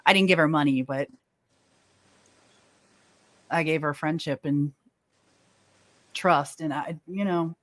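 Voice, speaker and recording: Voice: mid-range voice, slow pace, pauses often, no echo. A panel guest speaking in a sympathetic, supportive way on a live stream.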